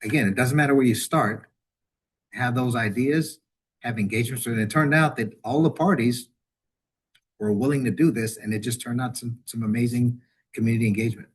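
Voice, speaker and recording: A man's voice: mid-range voice, fairly quick, slightly rough. A middle-aged man, a university veterans director, talking as a webinar guest over a video call, rambling and restarting his sentences. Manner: rambling, restarts and repeats words, animated when quoting. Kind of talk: conversational webinar interview.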